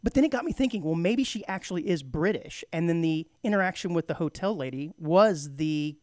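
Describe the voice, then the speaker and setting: A man co-hosting a community radio talk show, telling a rambling, animated anecdote full of fillers. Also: on the high side, fairly quick, no echo, studio quality. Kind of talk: casual chat, storytelling.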